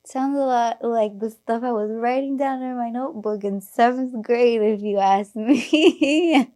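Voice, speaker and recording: A young woman with a slightly raised pitch hosts a casual podcast chat. She tells stories in an animated, filler-heavy way, laughs often and drops in casual swearing. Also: unhurried. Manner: animated storytelling, laughs often, acts out quoted voices. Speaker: podcast host.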